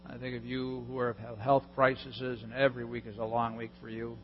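A male pastor preaching a sermon, telling a story with lively, self-mocking humor. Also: mid-range voice, normal speed, slight background noise. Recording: dull lo-fi recording in a hall.

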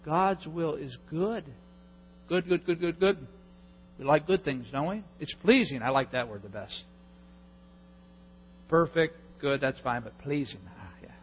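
A male pastor preaching a sermon in an animated way, acting out people's prayers with a mocking edge. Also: a little high, unhurried, pauses often. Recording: lo-fi recording in a reverberant hall with mains hum.

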